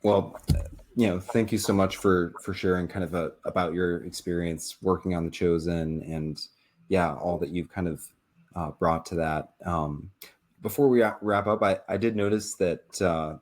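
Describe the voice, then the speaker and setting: A man's voice: sits low, fairly even intonation, normal speed. A man hosting an interview podcast, asking rambling, hesitant questions full of fillers. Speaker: podcast host.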